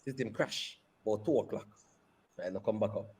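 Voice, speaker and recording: A man, a company CEO, telling a personal story in an interview with animated, repeated phrases. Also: fairly low pitch, moderate pace, slightly rough. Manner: animated retelling that repeats phrases and slips into patois.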